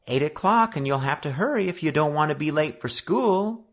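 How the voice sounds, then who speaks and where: A man reading aloud voices an anxious young girl with a husky, raised voice. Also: fairly high pitch, lively intonation, normal speed, pitched above the performer's own voice. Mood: urgent.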